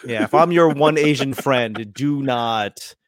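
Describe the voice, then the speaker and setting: A man's voice: medium pitch, takes it slowly, no echo. A man co-hosting a casual chat, teasing and needling the others with questions. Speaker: podcast co-host.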